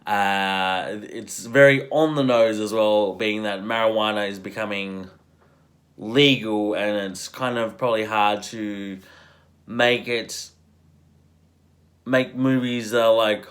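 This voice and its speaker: A man talking through a film review in an offhand, rambling way. He trails off and restarts, stacks up fillers, and drops swear words without a pause. His level jumps between loud and quiet, and he laughs often. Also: fairly low pitch, fairly even intonation. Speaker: movie reviewer. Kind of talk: casual spoken film review.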